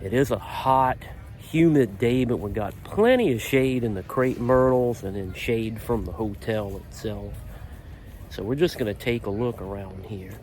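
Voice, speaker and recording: A man narrating a relaxed travel vlog outdoors, filmed on a handheld camera. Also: lowish voice, measured pace, a little hiss or hum. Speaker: vlogger. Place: outdoors at a car show and on the road.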